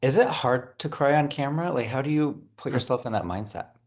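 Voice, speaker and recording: A man interviewing an actor, asking measured, friendly questions. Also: mid-range voice.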